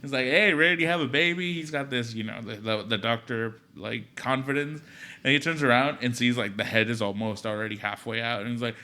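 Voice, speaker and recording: Bright-voiced young dad telling a story. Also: male voice, brisk. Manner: animated retelling, acts out quotes with big pitch jumps. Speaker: podcast co-host, new father. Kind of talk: casual storytelling chat. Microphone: podcast microphone.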